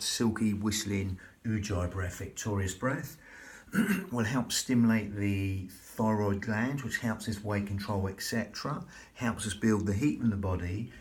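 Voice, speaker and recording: A man leading a slow, soothing, repetitive breathing and relaxation class as a yoga instructor. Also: fairly low pitch.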